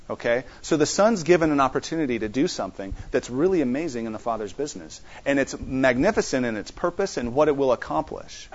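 A man's voice: medium pitch, expressive. A man teaching an interactive Bible study, repeating his main points, checking in with his listeners and often restarting his sentences. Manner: halting, with frequent restarts. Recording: dull lo-fi recording.

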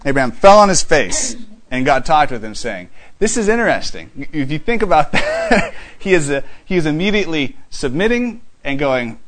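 A man's voice: a little high, wildly swooping pitch, normal speed, fairly bright tone, low-quality recording. A man teaching a conversational Bible study, reading scripture aloud and asking his listeners rhetorical questions. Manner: asks rhetorical questions and restarts often; reads scripture aloud in archaic wording.

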